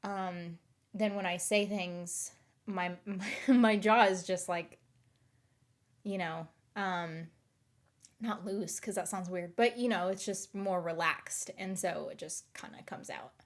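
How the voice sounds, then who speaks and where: A woman's voice: lowish voice, steady tone, slow pace. A young woman with a lightly covered-up Southern US accent, rambling casually in livestream chat with lots of fillers and restarts.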